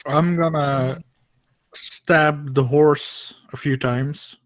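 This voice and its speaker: A man playing a tabletop game, calmly describing his attacks and asking about the target. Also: fairly high pitch, extremely slow, no echo. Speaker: player.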